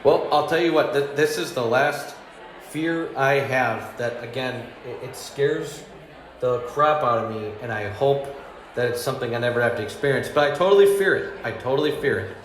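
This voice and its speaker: A man's voice: medium pitch, normal speed. Rambling man doing stand-up, echoey. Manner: meandering, self-deprecating, chuckles through his own jokes. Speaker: stand-up comedian. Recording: echoey room with faint hum.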